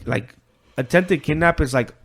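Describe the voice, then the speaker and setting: A man's voice: on the high side, normal speed, vocal fry. Profane, rambling man retelling a story. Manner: acts out quoted voices. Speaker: podcast co-host. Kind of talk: casual chat, retelling a story.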